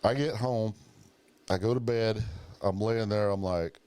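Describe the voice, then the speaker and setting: A man's voice: fairly low pitch, a little slow, long pauses, a little mellow, smooth. A man hosting a podcast, telling profane stories in casual chat and acting out the voices of the people he quotes. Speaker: podcast host.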